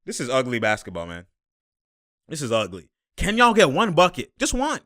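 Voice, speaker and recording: A young man reacting live to a basketball game, exasperated and slangy, laughing and shouting at the plays. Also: mid-range voice, wildly swooping pitch, normal speed. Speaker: sports commentator reacting to a game.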